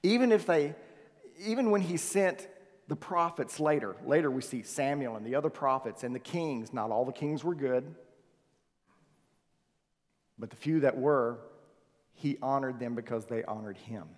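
A male pastor preaching a sermon, swinging from loud emphasis to soft, hushed phrases. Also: mid-range voice, moderate pace, long pauses. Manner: swings from loud emphasis to near-whispered softness. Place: church sanctuary. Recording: long reverb of a church hall.

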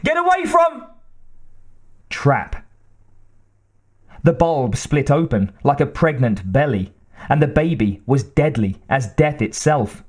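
A man narrating an audiobook in a measured reading style. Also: mid-range voice, lively intonation, warm tone, breathy edge. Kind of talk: scripted narration.

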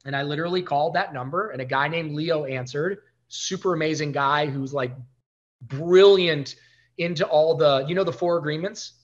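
A man talking as a podcast guest, telling stories in an animated way and acting out the dialogue. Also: on the high side, normal speed, lo-fi sound. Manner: animated storyteller who acts out quoted dialogue. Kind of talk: casual storytelling interview.

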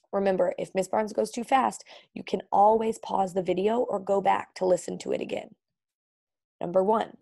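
A woman teacher reading a storybook aloud with lively sound words, then going through quiz questions for her students. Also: medium pitch, vocal fry.

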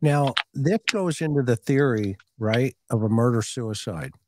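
A man's voice: medium pitch, expressive, a little slow, a little mellow, slight background noise. A middle-aged man, a co-host and former hostage negotiator, chatting casually about a true-crime case and telling a story in which he acts out both sides of a conversation.

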